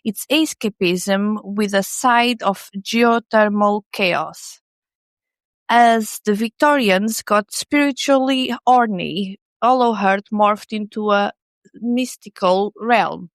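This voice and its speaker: A woman's voice: medium pitch, takes it slowly, no echo. A woman co-hosting a podcast, narrating in a scripted comedic style with wry, sarcastic asides. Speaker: podcast co-host.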